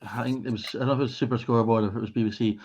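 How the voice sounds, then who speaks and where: A man's voice: medium pitch, steady tone, very fast, a little mellow. A Scottish man co-hosting a casual football podcast over a video call, chatty and offhand. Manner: talks while eating, chatty. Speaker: podcast co-host.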